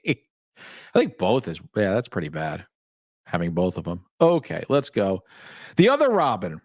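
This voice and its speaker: Chatty man with lively pitch. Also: normal speed, dry recording, clean studio sound. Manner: chatty, greets chat viewers by name, reads comments aloud; frequent laughs and fillers, candid. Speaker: host. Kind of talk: casual live-stream chat.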